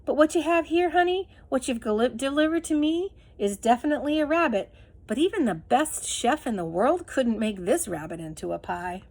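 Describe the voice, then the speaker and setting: A woman's voice: high voice, lively intonation, normal speed, darkish tone. A woman reading aloud and voicing an enormous bearded man who speaks kindly and coaxingly to his dog. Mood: gentle, coaxing. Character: enormous bearded gentle male drifter.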